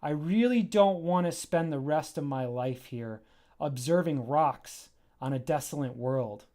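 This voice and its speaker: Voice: medium pitch, measured pace, warm tone, lightly acted. A livestreaming comic creator voicing a space cat explorer who talks in a dry, complaining way. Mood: exasperated.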